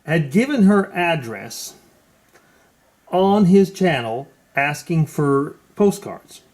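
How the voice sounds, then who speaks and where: A man's voice: on the high side, big pitch swings, slow, darkish tone. A man hosting a casual video chat, talking hesitantly with many fillers. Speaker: host.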